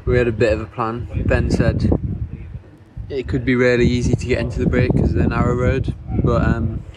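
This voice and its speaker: Teenage cyclist on a phone outdoors. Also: male voice, mid-range voice, monotone. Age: late teens. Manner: plain and matter-of-fact, with pauses. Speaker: racing cyclist giving a diary update. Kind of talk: casual spoken diary. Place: outdoors, by a road. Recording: phone recording outdoors with loud traffic noise.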